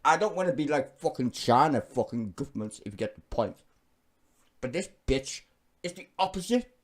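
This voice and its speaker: A man's voice: medium pitch, lively intonation, normal speed. A British man giving profane, scornful reaction commentary on his own channel. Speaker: YouTube commentator.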